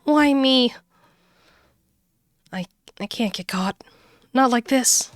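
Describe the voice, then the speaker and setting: Woman putting on a desperate scheming man, high and loud, game villain, frantic exclamations. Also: takes it slowly, no echo, faint music behind. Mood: panicked. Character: panicked scheming male killer.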